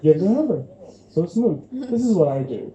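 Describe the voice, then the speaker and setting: A man's voice: high voice, very animated, moderate pace, lo-fi sound, over a noisy crowd. A young man from Syria performing a stand-up comedy set, chatty and loose, with lots of fillers. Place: comedy club stage. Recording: echoey room, poor audio.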